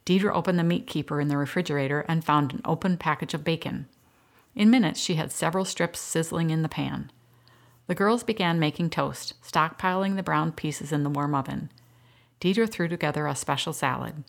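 A woman reads an audiobook story in a low, gravelly voice. Her storytelling is steady and even, moving through the scenes without rush. A slight fry sits under her words. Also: brisk. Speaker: narrator. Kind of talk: audiobook narration.

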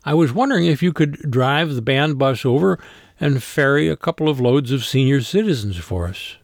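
A man voicing a blunt, sarcastic woman in an audiobook, lifting his voice higher. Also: lively intonation, normal speed, creaky, no echo, studio quality. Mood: persuasive. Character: sarcastic blunt woman, nursing home coworker. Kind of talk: audiobook character voice.

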